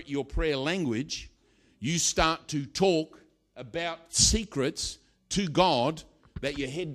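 A middle-aged man preaching a sermon, telling a story with animated delivery and sudden loud bursts. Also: fairly high pitch.

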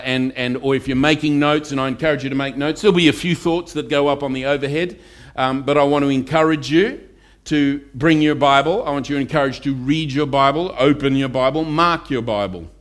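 A pastor preaching a conversational sermon to his congregation and asking them for amens. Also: mid-range voice. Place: church.

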